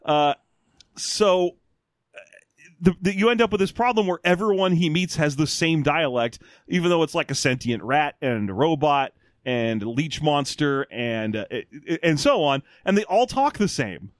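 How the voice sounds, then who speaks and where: A man co-hosting a podcast in casual chat, animated and mock-ranting with plenty of swearing. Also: on the high side, moderate pace, no room sound, studio quality. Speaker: podcast co-host.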